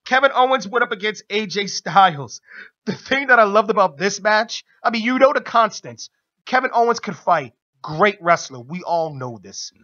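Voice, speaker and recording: A high-pitched man with a bright, forceful tone, co-hosting a radio show and recapping wrestling in an excited, casual way. He laughs often and shouts out quotes in a sharp voice. The recording has a dull, lo-fi broadcast sound. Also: moderate pace.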